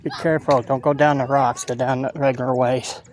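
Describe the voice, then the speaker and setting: A man's voice: medium pitch, little pitch movement, slight background noise. Rambling man walking outdoors by a river. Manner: rambling, halting, stops to give safety advice. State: out of breath from walking. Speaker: walking tour vlogger. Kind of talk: casual walking commentary. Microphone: handheld phone camera while walking.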